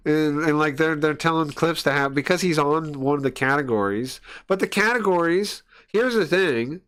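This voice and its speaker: A man's voice: a little high, moderate pace, fairly bright tone, clear, resonant tone. A man streamer ranting live, heated and profane, with stumbling restarts and scoffing laughs. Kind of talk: profane livestream rant.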